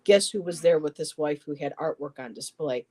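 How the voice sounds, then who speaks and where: A middle-aged man telling a personal story in a halting way, repeating words and quoting what others said. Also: fairly high pitch, darkish tone. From western New York, US. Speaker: poetry show co-host.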